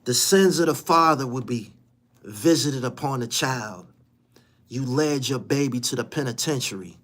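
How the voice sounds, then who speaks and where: A man hosting a podcast in a heated, profane rant, mocking his target and repeating lines for emphasis. He jumps from loud, high outbursts to low, muttered asides. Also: measured pace. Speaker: podcast host.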